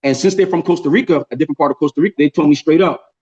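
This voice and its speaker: A man hosting a casual group chat on a video call, telling a story in an animated way and often repeating words. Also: on the high side, rapid-fire, highs cut off. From New York. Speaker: show host.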